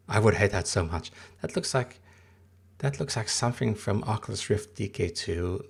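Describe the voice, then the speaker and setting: A man in his thirties with a low, gravelly voice and a husky edge. He is not a native English speaker and rambles casually through a livestream, stopping to read and answer his chat. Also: animated, moderate pace.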